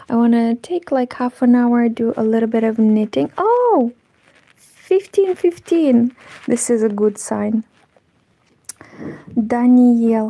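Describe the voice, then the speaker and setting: Woman hosting a relaxed knitting stream, unhurried and gravelly, talking softly to viewers. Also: on the high side, no room sound, rough recording. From Moldova. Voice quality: soft, partly whispered. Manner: chatty, greets viewers while knitting. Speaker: knitting channel host. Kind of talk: casual livestream chat. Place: home, indoors.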